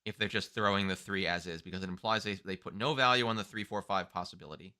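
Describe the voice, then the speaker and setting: Male co-host, low bright tone, animated casual game commentary. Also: quick pace. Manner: lively, thinking aloud over plays. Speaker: mahjong stream co-host.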